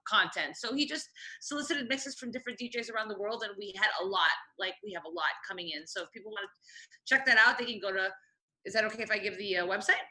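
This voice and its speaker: A woman being interviewed as a magazine editor, talking in a lively, casual way and laughing often. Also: mid-range voice.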